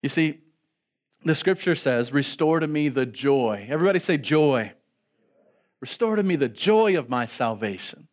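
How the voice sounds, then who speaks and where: A man who is a pastor preaching a sermon, moving between soft pleading passages and loud, emphatic calls to the congregation. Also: mid-range voice, expressive, normal speed. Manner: asks the congregation to respond aloud.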